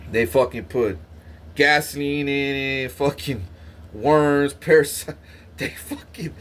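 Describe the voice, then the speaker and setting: A young man spins a meandering, profanity-laced story in loose casual talk. He stumbles over his words, laughs often, and keeps restarting sentences, in a voice pitched a little above the usual for a man. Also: a bit bright. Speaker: livestreamer.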